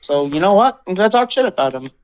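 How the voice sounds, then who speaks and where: A man's voice: high-pitched, very animated, fast, low-quality recording. A young man podcast host telling a rambling story about a controlling friend. He swears a lot and mimics the people he quotes. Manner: rambling, swearing, quoting others in a mocking voice. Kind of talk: casual venting story.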